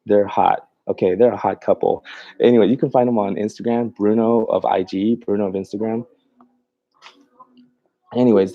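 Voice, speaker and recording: Here a mobile dog groomer with a lowish, mellow voice chats casually on a livestream, recorded lo-fi without echo. Reading viewer comments as he goes, he laughs frequently. His speech is rambling and loose, packed with fillers and restarts.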